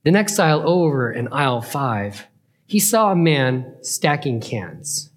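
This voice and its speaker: A man telling a playful story as a children's Bible lesson, with a lively, chuckling delivery. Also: medium pitch, measured pace.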